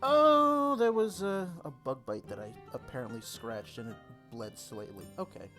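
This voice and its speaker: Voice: medium pitch, normal speed, music in the background. A streamer hosting an online board game night, cheerful and playful as they welcome and chat with players. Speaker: streamer and host.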